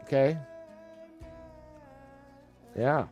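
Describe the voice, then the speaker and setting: A man's voice: medium pitch, expressive, measured pace, pauses often, mellow, no room sound, faint music behind. A middle-aged man chatting casually on a livestream, rambling and joking crudely. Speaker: livestream host.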